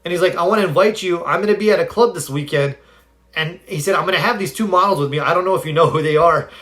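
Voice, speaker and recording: A man's voice: fairly high pitch, quick pace. A man talking casually on a live stream, telling stories earnestly and giving motivational advice, stopping now and then to answer viewers. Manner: earnest, animated storyteller; answers viewer comments directly.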